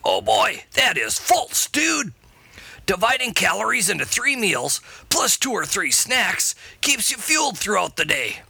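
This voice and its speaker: A man's voice: high voice, very animated, unhurried, creaky, pushed and bright, breathy edge, exaggerated voice. Buttons, a man doing a surfer-dude scout. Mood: goofy. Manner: laid-back surfer slang, calls listener dude. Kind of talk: comedy segment.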